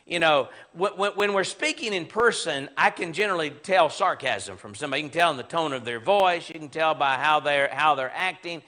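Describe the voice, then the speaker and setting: A man's voice: fairly high pitch, a little fast, hardly any pauses, sharp tone. A man with a Southern American accent teaching a Bible class in a conversational, emphatic way. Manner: conversational, emphatic, acts out sarcastic quotes. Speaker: preacher.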